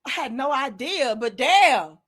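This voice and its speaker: Woman host, slightly high voice, salty sarcastic rant. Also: a little slow. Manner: profane, sarcastic, animated with exaggerated mock apologies. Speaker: commentary channel host. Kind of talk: casual commentary rant.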